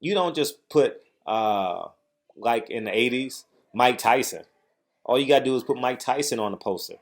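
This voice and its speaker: A man delivers a heated commentary rant in a voice of middling pitch. He sounds agitated and emphatic, hammering points home by repeating phrases again and again. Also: animated, moderate pace. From United States. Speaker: boxing commentator, channel host.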